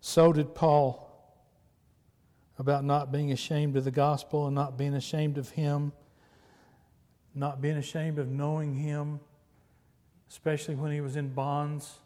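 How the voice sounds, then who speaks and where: A man's voice: on the high side, little pitch movement, measured pace, long pauses, mellow, big-room sound. A man from Texas, preaching a sermon with emphatic repetition and storytelling.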